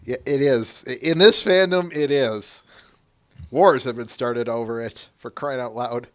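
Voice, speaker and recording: A man's voice: mid-range voice, a little slow, fairly bright tone. A man co-hosting a casual podcast chat, articulate and opinionated. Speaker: podcast co-host.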